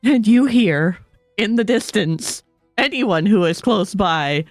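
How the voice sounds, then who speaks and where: A woman narrating as game master of a tabletop game, calm and steady with small hesitations. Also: medium pitch, slow, no room sound, studio quality, faint music behind.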